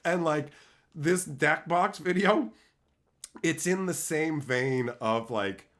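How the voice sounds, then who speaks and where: A man's voice: slow, fairly bright tone. A man in his thirties from Canada, chatting casually on his livestream, swearing freely and laughing often. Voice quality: swears a lot, laughs often, jumps into high squeaky voices for quotes. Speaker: streamer.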